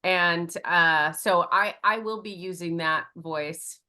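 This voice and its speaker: A woman in casual group call talk, assertive and energetic. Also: on the low side, takes it slowly.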